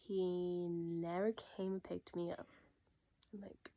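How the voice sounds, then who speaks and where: A young woman in casual storytime chat, retelling a breakup in an animated way and acting out what everyone said. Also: on the low side, takes it slowly. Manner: animated, quotes people with "I'm like". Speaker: YouTuber.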